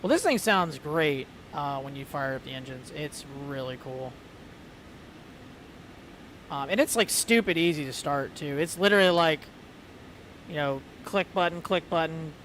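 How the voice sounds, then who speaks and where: A man's voice: fairly high pitch, lively intonation, moderate pace, pauses often, a bit bright, a little hiss or hum. A man streaming a flight sim, chatting casually with lots of fillers and rambling asides. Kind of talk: casual chat.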